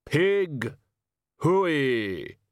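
A man reading a storybook, voicing a solemn hooded male gift-giver who speaks in a heavy, puzzled, slow way. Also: mid-range voice, expressive, no echo, studio quality, pitched above the performer's own voice.

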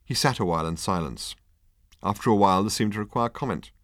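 A man reading an audiobook in a wry, measured storytelling voice. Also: fairly low pitch, no echo, studio quality. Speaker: audiobook narrator. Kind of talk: scripted narration.

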